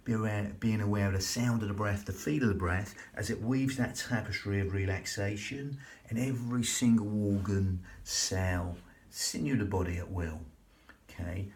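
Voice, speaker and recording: A man leading a slow, soothing, repetitive breathing and relaxation class as a yoga instructor. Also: on the low side, steady tone, darkish tone.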